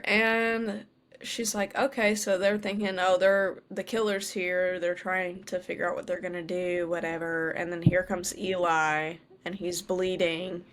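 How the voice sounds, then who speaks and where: A woman's voice: lowish voice, flat delivery, slow pace, fairly bright tone, a little hiss or hum. A young woman co-hosting a podcast, animatedly retelling a TV show's plot and acting out the characters' lines in casual chat. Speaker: podcast co-host. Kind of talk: casual chat recapping a TV show.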